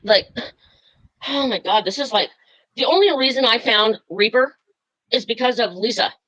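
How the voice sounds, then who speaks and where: A woman's voice: on the high side, animated, normal speed, a bit bright, poor audio. A woman calling into a live stream, furious and swearing, rambling with many fillers as she tells what happened to her. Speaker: caller. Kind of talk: angry live-stream call.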